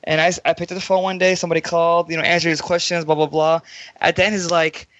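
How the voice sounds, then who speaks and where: Man, quick talker, high voice, animated storyteller, dull lo-fi sound. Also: no echo. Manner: animated storytelling, acts out quotes. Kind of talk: casual chat.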